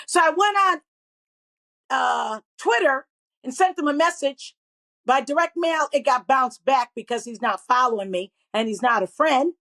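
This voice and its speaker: A middle-aged woman and comedian, swearing freely as she tells animated stories as a guest in a podcast interview. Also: sits high, moderate pace, creaky.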